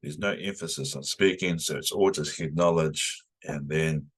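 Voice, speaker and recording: A man's voice: a bass voice, fairly even intonation, normal speed, breathy edge. A man from New Zealand with a New Zealand accent, teaching a casual online language lesson and having the learner repeat phrases after him. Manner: chatty, loose, repeats phrases for the learner to echo.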